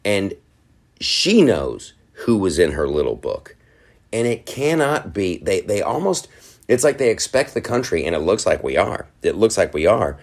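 Low-voiced guy hosting his podcast, rambly, lots of restarts, pitch jumps all over. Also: normal speed. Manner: rambling, animated, with restarts and mimicked quotes. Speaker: podcast host. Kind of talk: casual solo podcast monologue.

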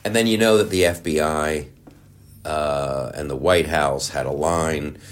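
In a bass voice and at a measured pace, a male political commentator launches into a heated ranting monologue. It's profane and sarcastic, rambling along with many restarts.

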